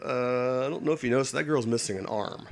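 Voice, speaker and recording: A man voicing his drunk, pushy sailor friend while telling a story, in quick, urgent bursts. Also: medium pitch, lightly acted.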